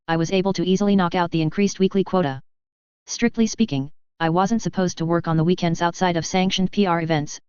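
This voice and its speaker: A woman narrating a first-person story in a steady, even reading voice. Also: lowish voice, clear, resonant tone, no room sound. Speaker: fan fiction reader. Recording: dry, slightly dull lo-fi recording.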